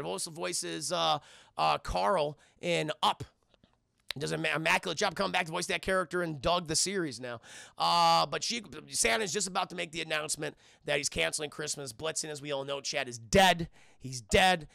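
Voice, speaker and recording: A man's voice: on the high side, normal speed, gravelly, bright, forceful tone, no echo, studio quality. A man recapping a film on a live stream, rambling and profane, talking to his chat.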